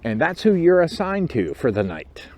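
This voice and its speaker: A man hosting his own channel, telling a story in a casual, animated way and acting out the other people in it. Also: on the high side, moderate pace. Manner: animated storyteller who acts out quotes and chuckles. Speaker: motorcycle club officer and channel host.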